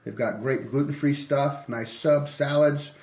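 A man's voice: mid-range voice, fairly even intonation, unhurried, darkish tone, echoey room. A man hosting a casual podcast, rambling through ad reads and banter with many restarts. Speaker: podcast host.

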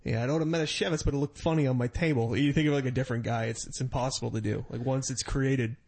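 A man's voice: medium pitch, fairly even intonation, fast talker, creaky, a little mellow, husky. A man hosting a podcast in a small studio, chatting casually and rambling with lots of "uh" fillers and self-conscious asides. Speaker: podcast host. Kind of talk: casual chat.

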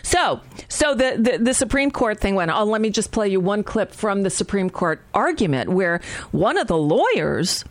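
A woman hosting casual political commentary, sarcastic and halting, with many restarts as she reacts to clips. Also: medium pitch, big pitch swings, no room sound.

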